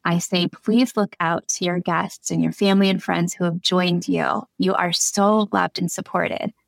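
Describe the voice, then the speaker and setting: Woman guest, lowish voice, dry close sound, chatty officiant telling stories. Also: fairly even intonation, measured pace, gravelly, no room sound. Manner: warm storyteller, laughs often. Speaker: wedding officiant, podcast guest. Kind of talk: casual interview chat.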